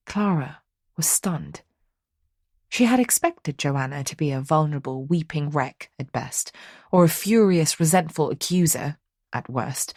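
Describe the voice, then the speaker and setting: A woman narrating an audiobook in a measured storytelling manner, recorded close in a studio. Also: sits low, darkish tone, dry recording. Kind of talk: scripted narration.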